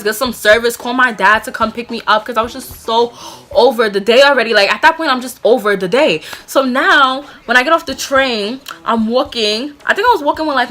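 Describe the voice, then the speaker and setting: A woman's voice: high voice, sharp tone. A woman vlogger telling a personal story casually and dramatically, full of slang and acted-out moments.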